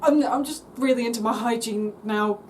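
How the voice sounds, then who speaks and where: A woman's voice: on the high side, moderate pace, far from the mic, slight background noise, close to an everyday voice. A woman playing a flustered, stammering young adult. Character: embarrassed young adult caught out. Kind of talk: comedy sketch acting.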